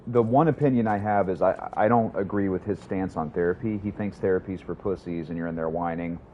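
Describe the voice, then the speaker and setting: A man's voice: low-pitched, a little fast, highs cut off, a little hiss or hum. A man streaming a game, chatting casually with his viewers in a rambling, profane way. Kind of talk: casual livestream gaming commentary.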